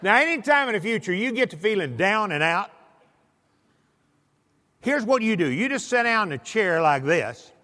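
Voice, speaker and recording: In a large hall before an audience, a motivational speaker tells folksy stories and acts out voices, his words echoing with hall reverb. His high voice is bright and forceful, with a sing-song lilt, normal speed and frequent pauses.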